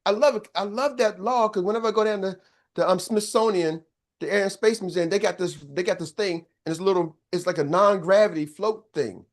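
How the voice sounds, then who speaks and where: A man's voice: sits high, brisk. Emphatic older male business coach. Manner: emphatic, preacher-like, checks in with the audience. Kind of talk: motivational coaching talk.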